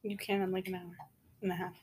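A woman in casual chat with a friend, teasing and giggly and quick to argue back. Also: on the low side, flat delivery, darkish tone, slight background noise. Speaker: friend in conversation.

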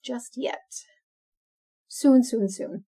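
A woman's voice: a little high, drawn-out words, warm tone, husky. A woman co-hosting a podcast, chatting casually and laughing often. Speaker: podcast co-host. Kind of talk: casual chat.

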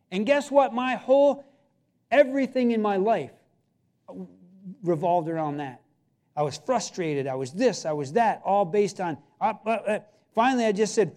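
A man's voice: high voice, darkish tone. A man preaching a sermon as pastor in a church, emphatic and pleading. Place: church sanctuary.

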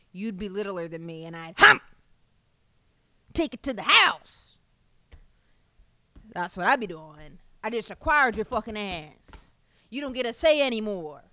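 A woman tells a comic story at a loose, rambling pace, swearing freely and leaning into animated asides. The recording is close and dry, with no room sound, and has the feel of a home podcast mic. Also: medium pitch, no echo.

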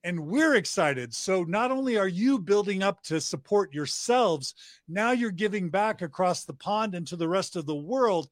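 High-voiced passionate man. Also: lively intonation, unhurried, no room sound, clean studio sound. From United States. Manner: passionate, emphatic, repeats lists of praise. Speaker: podcast guest. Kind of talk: enthusiastic interview talk.

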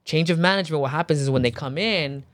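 A man in his thirties, a podcast guest telling lively stories with lots of swearing and laughter. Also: on the high side, fast, dry recording, studio quality. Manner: animated storytelling, swearing, laughs often. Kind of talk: casual chat.

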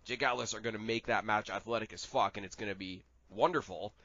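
A man co-hosting a podcast in casual wrestling chat, animated and rambling, swearing freely. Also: lowish voice, fast talker, no echo, lo-fi sound. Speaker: podcast co-host.

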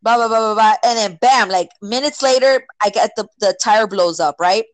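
Woman telling a story real animated, says like a lot, voice shoots up when she quotes ppl, kinda high, dry sound. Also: normal speed, no room sound, poor audio. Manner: animated, acts out quotes with sudden high pitch jumps; filler-heavy, many "like" and "right?". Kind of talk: casual storytelling.

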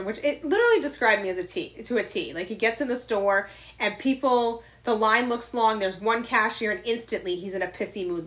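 A woman's voice: mid-range voice, a bit bright. Blunt, confessional woman podcaster. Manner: blunt and confessional, swears freely. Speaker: podcast co-host. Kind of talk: candid casual chat.

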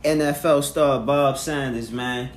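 A man in casual chat, excitedly reminiscing and giving shout-outs. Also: medium pitch, measured pace, crowd noise. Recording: echoey room.

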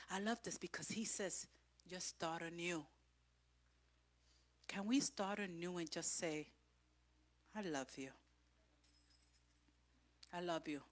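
Woman pastor, unhurried sermon delivery, impassioned swings from loud to hushed. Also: lowish voice. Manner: impassioned, rising to loud exhortation then dropping soft. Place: church.

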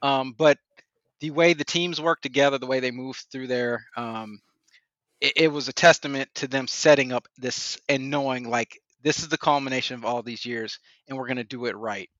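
A man giving his opinions in casual podcast talk, measured and opinionated. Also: mid-range voice, steady tone, a bit bright, dry recording, dull audio. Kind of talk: casual movie discussion.

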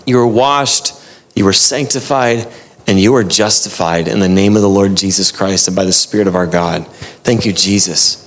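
A man preaching a sermon in a conversational style, jumping into animated quoted voices and mixing quick bursts with slow emphatic phrases. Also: sits low. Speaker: pastor.

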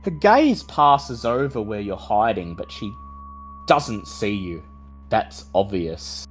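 A woman as game master, narrating a tabletop horror game in slow, suspenseful tones. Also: very deep voice, animated, rough recording. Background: faint music.

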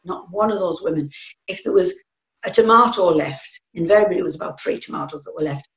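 An older woman with a North East English accent and a fairly low voice tells her story in a plain, earnest way, often pausing on "um". The recording is roomy and a little dull. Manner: plain-spoken, earnest, hesitant with many ums. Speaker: interviewee. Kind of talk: personal recollection.

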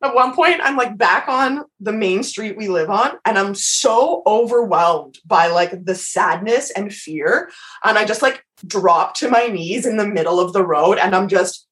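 A woman on a podcast tells a story in an animated, self-mocking way. Her voice sits in a middle register, and she swears casually and breaks into laughter as she goes. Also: mid-range voice, measured pace.

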